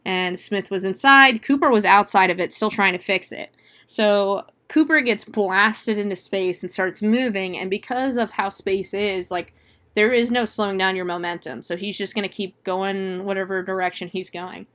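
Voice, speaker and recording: A woman hosting a podcast, recapping a movie in casual, profane chat full of "like" and quick exclamations. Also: medium pitch, a bit bright. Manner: chatty, profane retelling with frequent "like"; laughs and exclaims often. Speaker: podcast host.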